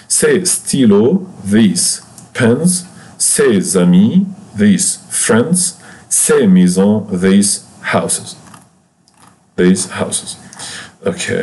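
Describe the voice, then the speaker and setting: Slow, dark-voiced male French teacher. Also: fairly low pitch. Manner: slow, patient, repeats each word and translation. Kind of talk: classroom lesson explaining French grammar in English.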